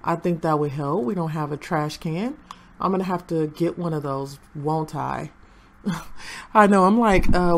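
A woman's voice: on the low side, unhurried, slight background noise. A young woman chatting through her gameplay and talking to the game characters. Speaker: gaming channel host. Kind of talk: casual gameplay commentary.

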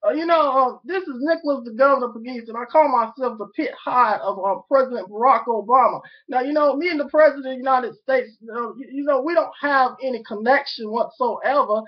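Fast-talking grandiose young Southern man. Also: very high voice, muffled recording. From Memphis, Tennessee. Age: young adult. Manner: grandiose, rambling, self-promoting. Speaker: video blogger. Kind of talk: self-recorded political monologue.

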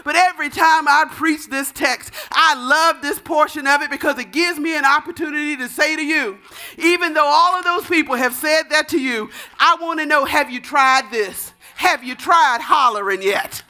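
High, bright-voiced woman pastor preaching. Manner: fervent, rising to shouts on repeated calls; softer, measured teaching tone. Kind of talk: sermon.

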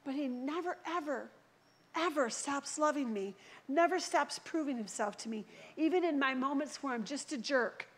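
Woman preacher, high voice, lively storyteller who plays out the dialogue, church sermon. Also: normal speed. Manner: animated storytelling, acts out quoted voices.

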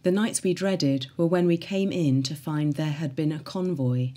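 A woman reading a diary aloud in a measured, earnest way. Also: low voice, dark tone.

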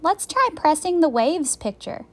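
A woman voicing an eager, curious young girl in a storybook read-aloud, with an excitable manner. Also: unhurried. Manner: excitable, high and bright.

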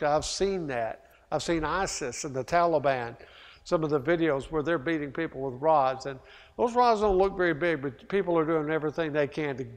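A man preaching a sermon as pastor, emphatic, with repeated rhetorical questions and loud peaks. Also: on the high side. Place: church sanctuary. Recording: long hall reverb.

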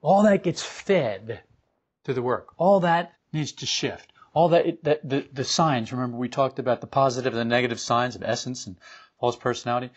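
A man giving an informal spiritual talk to a group, animated and emphatic, driving points home by repetition. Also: mid-range voice, normal speed, husky. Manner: animated, acts out quoted voices, emphatic repetition. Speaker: spiritual teacher. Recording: dull lo-fi recording.

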